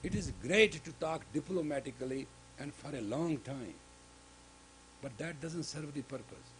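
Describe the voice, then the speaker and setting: Emphatic male spiritual teacher, fairly high. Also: expressive, normal speed, a little hiss or hum, poor audio. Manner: emphatic, with sudden loud rises on key words. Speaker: spiritual teacher lecturing a congregation. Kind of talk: sermon-style lecture. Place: gurdwara.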